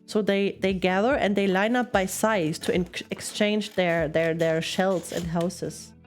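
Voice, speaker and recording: Woman, young, giggly, rambling casual chat, slow, faint music behind. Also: medium pitch, fairly even intonation. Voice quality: giggly, laughs often. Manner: chatty, rambling, tells puns. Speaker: streamer. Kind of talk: casual chat while crafting.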